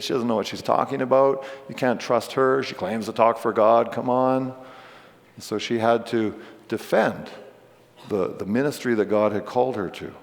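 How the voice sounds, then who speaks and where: Male pastor, mid-range voice, plain relaxed sermon delivery, church reverb. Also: mid-range voice. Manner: conversational, explains scripture with casual asides. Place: church sanctuary.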